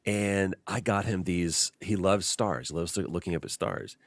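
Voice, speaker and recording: A man's voice: sits low, moderate pace. A man hosting a podcast, chatting casually and acting out the voices in his stories. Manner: animated storyteller, acts out quotes. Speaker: podcast host. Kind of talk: casual chat.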